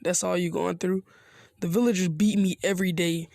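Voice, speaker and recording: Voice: medium pitch, normal speed, vocal fry, lightly acted. Naruto, a narrator doing a cold orphan boy ninja. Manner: casual, flat slangy delivery.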